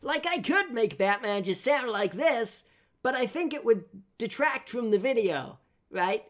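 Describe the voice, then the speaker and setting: A man putting on a high, chirpy comic male voice with a bouncy delivery. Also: animated, measured pace, a bit bright, exaggerated voice.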